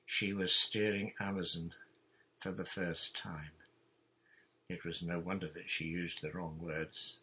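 Husky low-voiced male storyteller. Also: level tone, unhurried, pushed and bright. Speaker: audiobook reader. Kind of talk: storybook narration.

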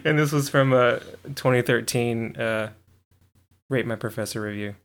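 A man's voice: mid-range voice, normal speed, clean tone. Chatty male podcast host, laughing often. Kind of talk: casual chat.

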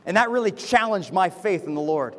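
A man, a pastor giving a sermon from the pulpit in fast, animated personal storytelling. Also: sits high, long reverb tail. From United States. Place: church with a pulpit.

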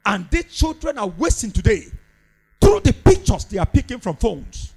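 A male preacher delivers a fervent sermon. His voice sits high and rises and falls widely in a sing-song cadence. He hammers his points home by repeating each line. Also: big pitch swings, normal speed, darkish tone, husky, poor audio.

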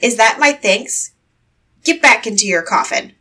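A woman's voice: a little high, animated, unhurried, bright, forceful tone, breathy edge, distant mic, heavily acted, low-quality recording. A woman reading a storybook aloud and voicing a fearless, cheerful young man who cannot learn to shudder, in a bold and breezy manner. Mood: defiant.

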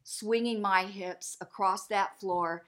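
A middle-aged woman, a guest, telling a story in a lively way and acting out the voices of the people she quotes. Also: slow. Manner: lively, acts out quoted voices with big pitch jumps. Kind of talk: animated storytelling.

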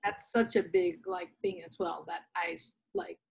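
A woman's voice: on the low side, unhurried, gravelly, breathy edge, poor audio. A woman who works with clients on relationships, chatting casually and saying "like" a lot. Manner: relaxed, lots of "like" fillers. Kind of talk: casual podcast chat.

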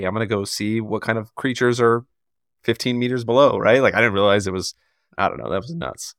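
A man's voice: fairly low pitch, a bit bright, dry recording, clean studio sound. A man co-hosting a podcast in casual chat, talking in a chatty, filler-heavy way and poking fun at himself. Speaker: podcast co-host.

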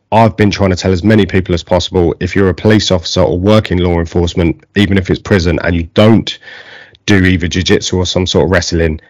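A man with an Essex accent hosting a casual interview, chatty and relaxed with plenty of fillers. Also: deep voice, no echo. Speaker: podcast host.

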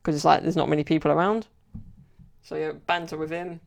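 Hosting a podcast alone, a man spins loose, casual stories packed with filler words. His creaky voice is a little high, moves brisk, and barely shifts in pitch.

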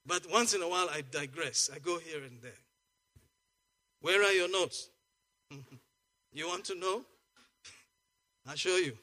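A male pastor preaching a lively, joking sermon, swinging from soft asides to loud exclamations. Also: fairly high pitch, a little slow, pauses often.

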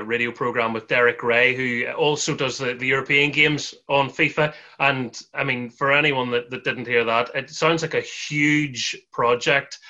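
A man's voice: mid-range voice, pushed and bright, muffled recording. A man hosting a podcast, asking questions in a friendly, casual way. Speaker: podcast host. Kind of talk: casual interview chat.

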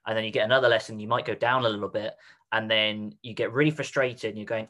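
A man's voice: on the low side, quick pace, sharp tone. Rambling male podcast host. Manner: rambling, explains with examples and put-on quotes. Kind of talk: casual interview chat.

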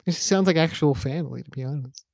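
Man, podcast co-host, casual rant, fry in the voice, dark tone. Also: fairly high pitch, quick pace. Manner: laid-back, swears, ranting. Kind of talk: casual wrestling podcast chat.

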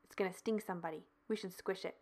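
A woman's voice: fairly low pitch, fairly even intonation, fast talker, darkish tone, natural voice. A woman voicing a mischievous young boy who talks bluntly and quips. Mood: cheeky. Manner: blunt, quipping.

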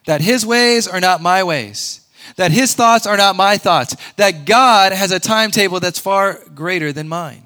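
A man preaching a sermon, conversational and earnest, often rising to loud emphatic peaks. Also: sits high, a little slow, smooth. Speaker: pastor.

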